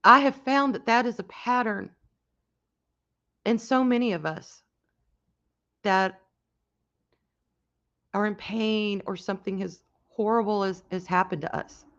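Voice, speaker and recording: A woman hosting a casual livestream, talking in a halting, emotional way with many restarts and reading out chat comments. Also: mid-range voice, fairly bright tone, dull audio. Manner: reads and answers chat comments. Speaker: livestream host.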